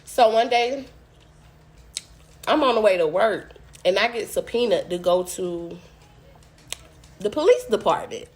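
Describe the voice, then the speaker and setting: A woman's voice: medium pitch, expressive, a little slow, pauses often. A young woman vlogger telling a story casually while she eats, blunt and profane.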